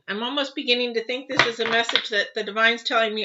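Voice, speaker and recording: A woman's voice: a little high, fairly even intonation, quick pace, hardly any pauses, pushed and bright. A woman reading tarot cards live for viewers, chatty and rambling, with many ums and restarts. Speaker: tarot reader. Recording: dull lo-fi with clear background noise.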